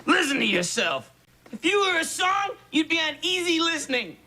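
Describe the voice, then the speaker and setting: A man's voice: very high voice, sing-song, normal speed. An actor voicing a sarcastic, foul-mouthed male stuffed bunny who trades caustic, mocking insults. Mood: scornful. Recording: sitcom audio with loud laugh track and noise.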